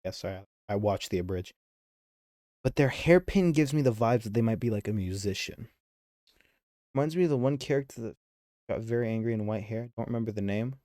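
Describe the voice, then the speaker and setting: A man's voice: on the low side, lively intonation, a little fast, warm tone, dry recording, clean studio sound. A man streaming a game live, reading its dialogue aloud and chatting between lines, easily sidetracked.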